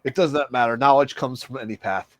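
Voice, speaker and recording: A man's voice: mid-range voice, a little fast, a bit bright, dry recording. A man playing a tabletop game, hesitant and prone to repeating himself, mock-formal when in character. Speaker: player. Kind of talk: tabletop role-play, in and out of character.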